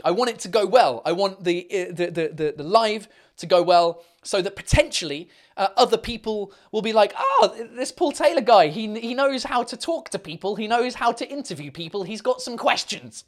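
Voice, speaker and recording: Blunt, rambling man. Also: sits high. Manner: rambling and blunt, with frequent fillers and swearing. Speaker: live stream host. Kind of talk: casual live stream chat answering viewer questions.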